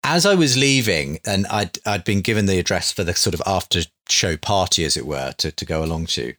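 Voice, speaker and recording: A man's voice: low voice, lively intonation, fairly quick, sharp tone, dry recording. A man who hosts a faith debate show, telling an anecdote earnestly in a hedging, conversational way with many fillers.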